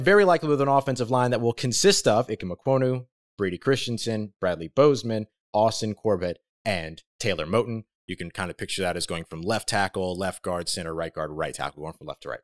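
A man hosting a solo sports talk podcast, speaking with energy and emphasis, with big swings in pitch and loudness and casual self-corrections. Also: animated, fairly quick. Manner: conversational, with fillers and self-corrections.

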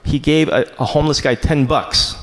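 A man doing a stand-up comedy set in a small club, deadpan and self-mocking, shouting out his punchlines now and then. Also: a little high, moderate pace. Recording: noisy comedy club ambience.

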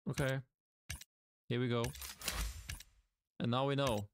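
Against a noisy background, a young man from Sweden provides live gaming stream commentary in a Swedish accent. He speaks slowly in a steady, medium-pitched tone, exasperated and self-mocking as he addresses himself and his chat.

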